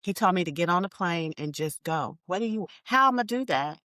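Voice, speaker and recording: A woman entrepreneur, a guest on an interview, telling her story in an emphatic, animated way and calling listeners y'all. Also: fairly low pitch, a little fast, no room sound.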